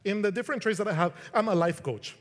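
A man's voice: sits high, quick pace. Man preaching in a reverberant hall. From Colombia. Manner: conversational, restarts, acts out quotes. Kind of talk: casual sermon.

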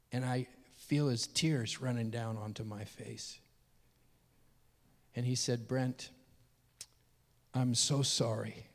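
A man preaching a sermon as a pastor, telling a personal story earnestly, dropping low and quiet and then rising loud and high when moved. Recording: reverberant hall.

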